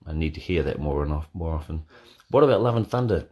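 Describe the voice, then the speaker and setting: A man hosting a casual live watch party from bed, answering chat questions in a deadpan, joking way. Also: low voice, fast, slightly rough. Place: in bed at home. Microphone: phone.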